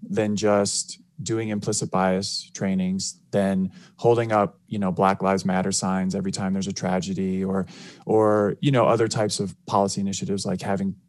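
A man, a civil rights attorney and author, answering questions as a radio guest in a measured way. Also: deep voice, level tone, a little mellow, no echo, studio quality. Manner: measured, many fillers and restarts. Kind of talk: radio interview.

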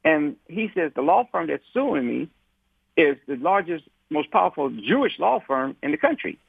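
Husky man on a tinny phone line. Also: a little high, very animated, moderate pace, no room sound. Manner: repeats words and restarts often, acts out quoted dialogue. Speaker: civil rights activist guest. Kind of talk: conversational storytelling.

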